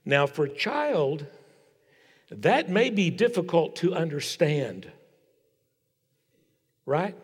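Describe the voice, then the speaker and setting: An older man preaching a sermon in a large church. He tells family stories in a folksy way and drops to a hush for emphasis. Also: on the high side, very animated, slow, pauses often, slightly rough. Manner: folksy storytelling, dropping to a hushed tone for emphasis. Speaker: pastor. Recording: long reverb of a large hall.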